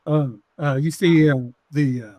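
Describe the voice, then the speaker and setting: A man's voice: on the high side, measured pace, warm tone, no room sound. A man narrating as game master in a tabletop game, full of fillers and restarts. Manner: hesitant, many fillers and restarts.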